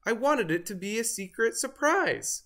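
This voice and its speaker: A storybook reader voicing an excitable male turkey with a high squawky gobbling voice. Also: normal speed. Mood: wailing. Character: excitable male turkey who loves secret valentines. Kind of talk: storybook read-aloud.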